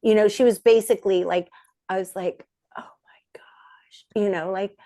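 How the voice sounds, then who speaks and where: A middle-aged woman tells stories as a guest in an interview, animated and expressive. When she quotes people she leaps into playful voices. Her voice sits at a middling pitch, and the recording is close and dry with no room sound. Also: a little fast, no echo. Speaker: puppeteer and voice actress, guest. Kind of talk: storytelling in a podcast interview.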